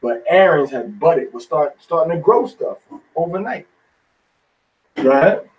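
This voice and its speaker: A man's voice: fairly high pitch, lively intonation, measured pace, recorded from a distance, low-quality recording. A man teaching a Bible study in an informal, folksy sermon style, often tagging lines with "man".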